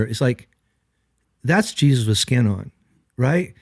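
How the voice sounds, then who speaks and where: A middle-aged pastor speaks earnestly on a podcast. His voice sits at an ordinary pitch and swings up and down as he acts out what other people said. The sound is dry and close, with no room echo. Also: normal speed, long pauses. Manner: earnest, animated, acts out quoted dialogue. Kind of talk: reflective podcast conversation.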